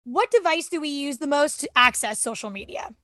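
A woman's voice: high voice, lively intonation, a little fast, a bit bright, no room sound, studio quality. A woman co-hosting a podcast in casual, enthusiastic chat, often tripping over her words. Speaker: podcast co-host.

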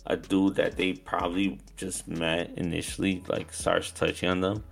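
A man's voice: low voice, level tone, normal speed, gravelly, husky, soft background music. A man co-hosting a live podcast who talks in a rambling, hedging way, full of fillers. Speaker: podcast co-host. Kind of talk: casual chat. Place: live show venue.

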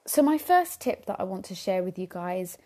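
Mellow-voiced woman hosting a podcast. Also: medium pitch, big pitch swings, normal speed. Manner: earnest, reflective, often says "you know". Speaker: podcast host. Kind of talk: solo podcast talk. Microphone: podcast microphone.

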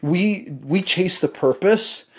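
A man delivers a solo motivational podcast monologue, blunt and profane, stumbling over restarts and tossing in plenty of fillers. His voice sits a little higher than most men's. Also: slow. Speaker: podcast host.

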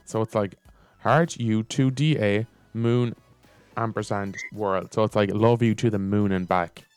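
A man's voice: lowish voice, steady tone, unhurried, darkish tone, clear, resonant tone, no room sound, faint music behind. A young man in casual chat, reading funny text messages aloud and laughing at them. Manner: giggly, reads texts aloud with amused commentary. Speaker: co-host reading funny texts.

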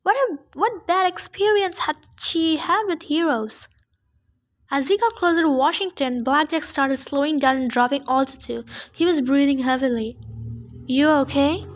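A woman's voice: high-pitched, moderate pace. A woman reading a novel aloud casually, adding her own chatty asides. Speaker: reader. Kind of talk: casual audiobook fan reading.

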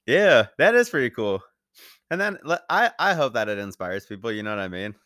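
A man hosting a casual podcast chat, relaxed, agreeing and laughing often. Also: medium pitch, fairly quick, no room sound, clean studio sound. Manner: laid-back, frequent short laughs and agreement. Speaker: podcast host.

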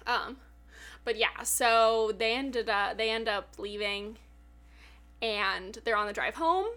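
A woman co-hosting a podcast, recapping a book in casual chat, with lots of "like", quick laughs and casual swearing. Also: on the high side, sharp tone. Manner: retells scenes with lots of "like" and acted quotes. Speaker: podcast co-host.

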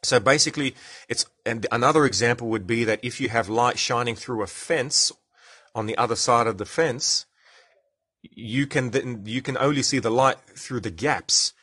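A man's voice: mid-range voice, normal speed, bright, forceful tone, husky. A man with an Australian accent hosting a casual science podcast, explaining with enthusiasm and chatting with live commenters. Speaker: podcast host.

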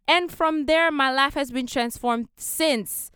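A woman's voice: high voice, slow pace, few pauses, pushed and bright, no echo, studio quality. A young woman from Africa hosting a casual motivational podcast, earnest and emphatic, repeating her key phrases. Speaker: podcast host.

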